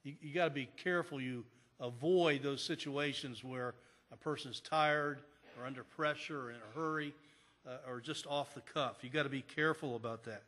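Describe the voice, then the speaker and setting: A man's voice: medium pitch, moderate pace, pushed and bright. A man preaching a sermon as pastor, telling stories in a conversational way with frequent restarts. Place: church sanctuary. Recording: long church hall reverb.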